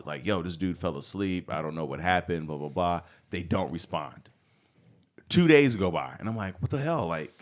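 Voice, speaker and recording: A man telling a story in casual chat, animated, acting out quotes with sudden yelps. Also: low-pitched. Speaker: podcast guest.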